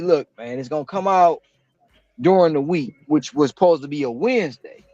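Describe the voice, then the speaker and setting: A man, a delivery driver, telling a story in casual chat, slangy and animated, acting out quotes with big jumps in pitch. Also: no room sound. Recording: dull dry lo-fi sound.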